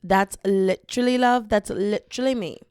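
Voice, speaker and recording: A woman's voice: mid-range voice, normal speed, a little mellow, clean tone, dry recording, clean studio sound. A young adult woman hosting her own podcast from her bedroom, chatting in a rambling way with a slightly scratchy voice and breaking into playful singing. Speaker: podcast host. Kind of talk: casual solo podcast chat. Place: her bedroom with hardwood floors. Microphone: podcasting mic.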